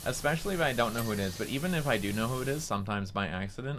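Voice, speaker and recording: A man's voice: medium pitch, lively intonation, racing, few pauses, a bit bright, a little hiss or hum. Nasal young man rambling on stream. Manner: chatty, rambling, mutters to the game. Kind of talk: casual gameplay commentary.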